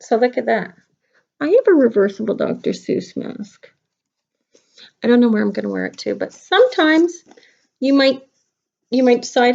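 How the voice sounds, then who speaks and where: Chatty kindergarten teacher with a gravelly voice. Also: female voice, a little high, animated, moderate pace, long pauses, a little mellow. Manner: chatty, playful, talks straight to kids. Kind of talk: craft lesson for young children. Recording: dull lo-fi home video sound.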